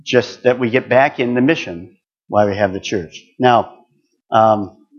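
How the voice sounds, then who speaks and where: A man's voice: lowish voice, a little slow, lo-fi sound. An older man preaching a sermon, earnest and building to emphatic exhortation.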